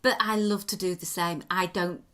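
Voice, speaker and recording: A woman's voice: lowish voice, steady tone, normal speed. A woman podcast host, chatting casually with short friendly remarks. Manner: brief friendly interjections. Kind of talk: casual chat.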